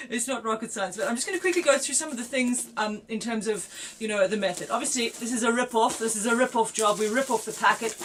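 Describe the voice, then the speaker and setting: A woman's voice: a little high, fast talker, a little hiss or hum, low-quality recording. A woman designer giving a chatty, jokey, self-mocking demonstration of her own product from her office. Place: home office.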